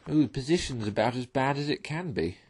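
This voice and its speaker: A man voicing a hungry, grumpy, excitable male mole in a storybook reading, high and fussy. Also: fairly quick, breathy edge.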